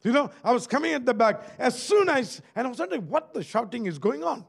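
Pastor preaching a sermon, Malaysian accent, high voice with big swings, keeps asking the crowd for amen. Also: male voice, sing-song, fast, creaky, husky. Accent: Malaysian English. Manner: preachy, calls out for amen and asks the crowd questions.

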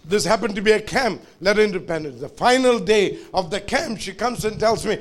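Male pastor, high voice, preaching, urges the congregation to answer back. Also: lively intonation, a little fast, hardly any pauses. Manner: exhorting, calls for congregation responses. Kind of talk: sermon. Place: church service.

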